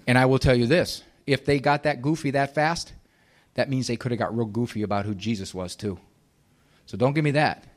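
A man's voice: medium pitch, fairly quick. A man giving a live talk to an audience, emphatic and sarcastic, firing off rhetorical questions.

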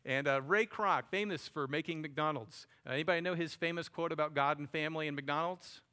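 A man preaching a sermon, with a voice a little higher than most men's. He talks to his listeners in an easy, conversational way and calls them buddy and friends. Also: fairly quick, pushed and bright, clean tone. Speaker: pastor.

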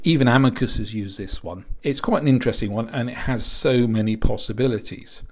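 Guy rambling about an old film, mid-pitched voice, lots of restarts. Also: fairly quick. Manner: rambling, chatty, with many restarts and asides. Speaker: film reviewer. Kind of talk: casual film review.

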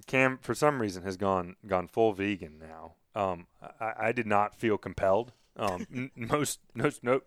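A man's voice: lowish voice, fairly bright tone, dry recording. Man rambling in casual podcast chat. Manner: rambling, laughs while talking. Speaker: podcast co-host.

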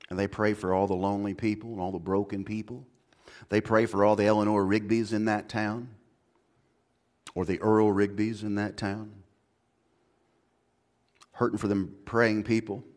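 A man preaching a sermon as pastor, moving from quiet, low reflection to loud, high-pitched exhortation, with casual slang and repeated restarts.

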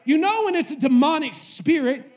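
High-pitched male preacher, fervent and repetitive, asks the room rhetorical questions. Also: animated, normal speed. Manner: impassioned, swings between shouting and hushed tones. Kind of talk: sermon to a live audience.

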